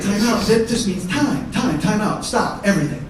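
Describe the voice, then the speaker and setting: A middle-aged man telling a profane, animated comedy story in a live one-man show, his voice jumping into shouts. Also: sits high, moderate pace, soft background music. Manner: animated, profane, shouts quoted kids' lines. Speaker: stand-up comedian. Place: live theater stage with audience laughing. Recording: echoey, distant theater recording with noise.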